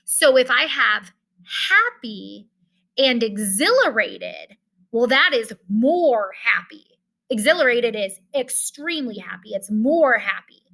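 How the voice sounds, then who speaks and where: Woman teacher, bright and a touch high, explains patiently step by step. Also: low-quality recording. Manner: explains step by step, talks directly to students. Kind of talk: online class lesson.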